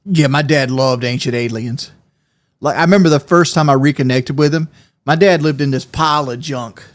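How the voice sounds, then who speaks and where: A male game streamer in loose livestream chat, pitched in an ordinary middle range. He rambles from story to story and swears freely. He breaks into easy laughter as he goes. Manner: rambling, profane, quick to laugh.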